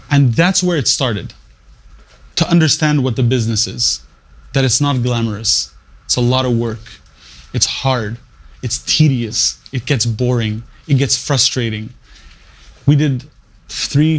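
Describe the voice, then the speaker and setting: A man's voice: mid-range voice, measured pace, pauses often. A man who works as a radio morning show producer, speaking in an interview, telling his story and giving career advice in short, emphatic phrases with frequent restarts.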